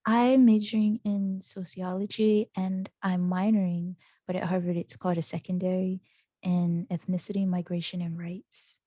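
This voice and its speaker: Animated young woman telling a story. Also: on the low side, normal speed, no echo. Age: young adult. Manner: animated, acts out quoted voices with laughter. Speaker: student interviewee. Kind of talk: casual storytelling.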